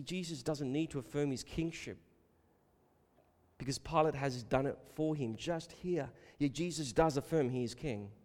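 Impassioned male preacher in a reverberant hall. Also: mid-range voice. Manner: emphatic, building to loud rhetorical questions, addressing listeners as beloved. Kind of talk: sermon. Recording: long reverb of a large hall.

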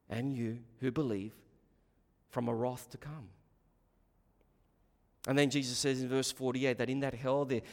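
A man preaching a sermon with passion, surging to loud emphatic bursts and dropping to quiet low asides, often repeating words as he restarts a phrase. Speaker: pastor. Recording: long hall reverb.

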